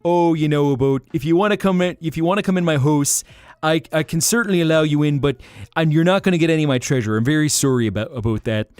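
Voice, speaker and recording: A man's voice: fairly high pitch, fast talker, darkish tone, smooth, no echo, voice pushed up, close to an everyday voice. A man voicing an overly polite male dragon who guards his hoard, with a put-on Canadian accent and a fussy, apologetic manner.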